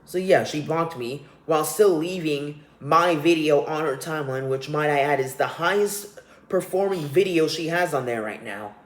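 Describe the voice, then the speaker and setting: A young man hosting a solo podcast, ranting with profanity and scorn. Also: fairly high pitch. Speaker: podcast host. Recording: roomy echo.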